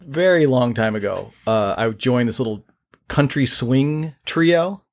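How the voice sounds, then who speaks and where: A man co-hosting a podcast, telling a laid-back anecdote with halting restarts. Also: mid-range voice, lively intonation. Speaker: podcast co-host. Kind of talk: casual storytelling chat.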